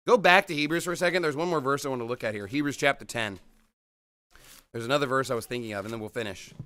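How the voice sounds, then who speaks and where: A man preaching a sermon in a church, fervent, with short punchy rhetorical questions and shouts at points of emphasis. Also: medium pitch, fast. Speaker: pastor. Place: church hall.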